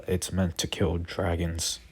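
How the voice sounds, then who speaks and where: Low, slow and husky, this is an eager, polite young knight recruit as a man reads him out for a retold fan story. The lines come out plainly, with small stumbles. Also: completely flat delivery, heavily acted. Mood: earnest. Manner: plain reading of quoted lines, hesitant.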